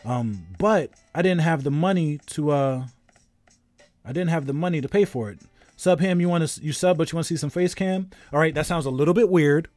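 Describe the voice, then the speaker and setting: A man's voice: on the high side, brisk, darkish tone, no room sound. Male streamer around thirty, rambling easygoing host, dry close sound with faint game music behind. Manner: rambling, easygoing storyteller greeting viewers. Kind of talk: casual live-stream chat.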